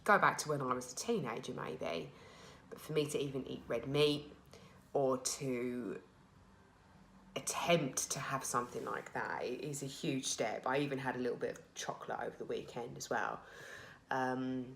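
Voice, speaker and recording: A British woman in her thirties with a strikingly deep, low voice talks through a candid personal video diary. She rambles openly with plenty of fillers and restarts, and a slight emotional edge sits in her voice. A faint hum of background noise runs under her. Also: normal speed, vocal fry, a bit bright. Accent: British English. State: a little emotional. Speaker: vlogger sharing her recovery.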